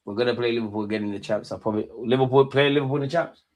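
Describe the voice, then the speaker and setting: A man's voice: mid-range voice, very fast, darkish tone. A young man hosting a live football watch-along, bantering with his chat in slang, swearing and laughing often.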